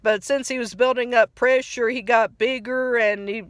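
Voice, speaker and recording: A woman's voice: on the high side, steady tone, normal speed, no echo. A woman casually reviewing a cartoon episode on a phone mic, rambling with restarts and chuckling at her own asides.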